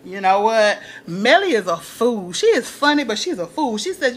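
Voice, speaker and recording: A woman's voice: moderate pace, few pauses, slightly rough. A woman recapping a TV episode in casual chat, acting out quotes and laughing often. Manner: animated, acts out quotes in a higher voice, laughs often. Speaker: TV recap vlogger.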